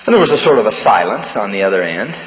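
A man giving a humorous sermon to students, a folksy storyteller who pauses with uhs and restarts. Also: lowish voice, sing-song. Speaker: speaker at a campus devotional. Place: large church hall. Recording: large hall, faint room noise.

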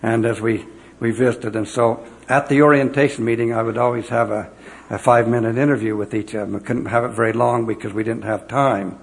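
A man's voice: medium pitch, steady tone, brisk, creaky. A man who led missionaries, giving a devotional talk to an audience and earnestly telling personal stories with acted-out dialogue. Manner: earnest storyteller acting out remembered dialogue. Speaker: former mission president addressing an audience.

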